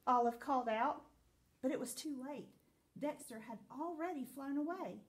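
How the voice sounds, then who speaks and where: A woman teacher reading a picture book aloud to children, in an expressive, sing-song storytelling manner. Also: high-pitched, normal speed.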